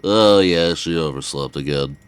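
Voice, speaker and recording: A man's voice: sits low, normal speed, clean tone, close to an everyday voice. A man reading a teenage boy's inner narration from a game in an easygoing, plain voice. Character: ordinary teenage boy narrating his day.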